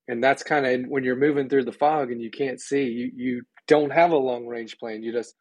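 A man's voice: mid-range voice, steady tone, moderate pace, few pauses, dry recording. Enthusiastic man, dry close recording. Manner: enthusiastic, acts out quoted voices. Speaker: podcast guest, church ministry director. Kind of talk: conversational interview.

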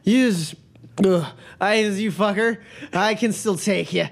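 A man's voice: high voice, unhurried, vocal fry, pitched above the performer's own voice. A man voicing a drunk, belligerent male serial killer who taunts and slurs.

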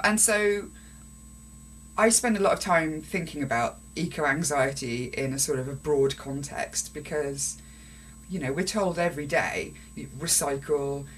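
Young woman chatting on a podcast, bit self-deprecating, faint hum underneath. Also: low-pitched. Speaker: podcast co-host. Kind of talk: casual podcast chat.

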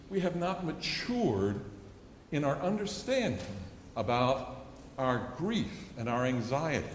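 Pastor with a lively, echoing voice. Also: male voice, fairly high pitch, a little hiss or hum. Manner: earnest storytelling, acts out a child's pleading. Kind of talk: sermon. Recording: echoey hall with long reverb.

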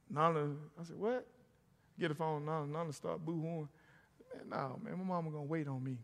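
High-voiced preacher in a reverberant hall. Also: male voice, fairly even intonation, a little fast. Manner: storytelling, calls out to the congregation. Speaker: pastor. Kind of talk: sermon. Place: church sanctuary.

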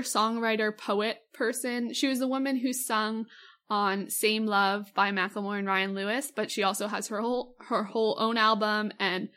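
A young woman with a slightly high voice co-hosts a casual podcast. She gushes enthusiastically and fills her talk with likes and ums. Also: a bit bright. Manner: gushing, enthusiastic, lots of fillers. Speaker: podcast co-host. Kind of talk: casual chat.

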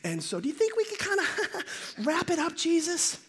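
A man acting out a nervous, apologetic male disciple in a sermon skit, hesitant and stammering, flattering his leader. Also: very high voice, normal speed, pitched above the performer's own voice, full character voice. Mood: sheepish.

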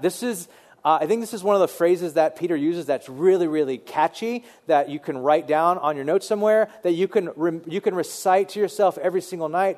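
A man preaching a sermon in a conversational, animated way, often repeating words as he thinks. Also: a little high. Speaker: pastor.

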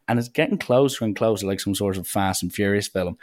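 A young man telling chatty, animated holiday stories in a casual way. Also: low-pitched, fast talker, hardly any pauses, dry recording, clean studio sound. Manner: chatty, animated anecdotes with acted quotes. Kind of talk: casual storytelling.

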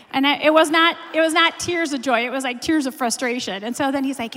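Woman, 40s, sermon speaker; high-pitched, chatty, self-mocking; long church-hall reverb. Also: fast, few pauses, fairly bright tone. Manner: chatty, self-deprecating storytelling with many fillers. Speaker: pastor's wife preaching.

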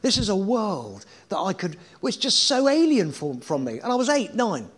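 Middle-aged guy telling rambly stories, swears a lot, kinda high voice, casual chat. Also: moderate pace, slightly rough. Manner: animated, swearing, laughing anecdotes. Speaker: guest. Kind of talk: casual storytelling interview.

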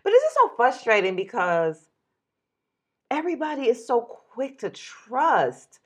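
A woman co-hosting a casual chat, teasing and quick to react. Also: fairly high pitch, sing-song, slightly rough. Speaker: podcast co-host.

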